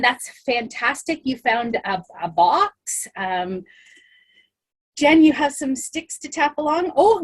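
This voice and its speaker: A woman leading a children's circle time on a video call, talking gently and reassuringly with many ums. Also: on the high side, breathy edge. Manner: slow, soft-spoken and reassuring, with many ums. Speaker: early-years facilitator leading circle time. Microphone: laptop webcam on a video call.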